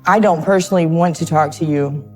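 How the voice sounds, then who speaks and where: A nervous woman speaks in a slightly low voice during a documentary interview. Her speech is halting and hesitant, and she often stops to repeat words. Faint music plays underneath. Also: a little mellow. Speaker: interviewee in a true crime documentary. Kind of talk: emotional interview testimony.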